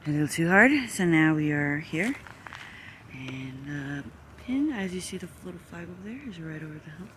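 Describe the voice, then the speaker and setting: A woman's voice: sits low, expressive, normal speed, a bit bright, a little hiss or hum. A woman filming on a golf course with a handheld phone, chatting and narrating the shots to the camera. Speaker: girlfriend filming. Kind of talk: casual play-by-play narration.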